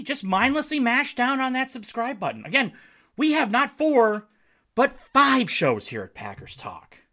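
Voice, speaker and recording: A man's voice: high-pitched, bright, forceful tone. A man hosting a solo sports podcast from his basement, casual and jokey, with playful self-mocking asides. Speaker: podcast host. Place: home basement.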